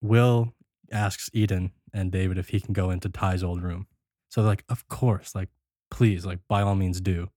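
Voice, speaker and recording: A man hosting a casual podcast, retelling a film scene by scene and acting out the characters' lines in quick bursts. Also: low voice, fairly even intonation, mellow, dry recording, studio quality. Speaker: podcast host recapping a film. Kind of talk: casual chat.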